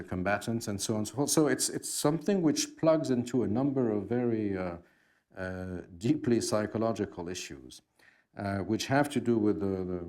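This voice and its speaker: A man in his sixties with a French accent answers questions at a public talk. His voice sits low, and he pauses often, restarting sentences and dropping in dry, wry asides. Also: darkish tone. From France. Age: 60s. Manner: halting, many fillers and restarts, wry asides. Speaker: guest speaker, expert on jihadism.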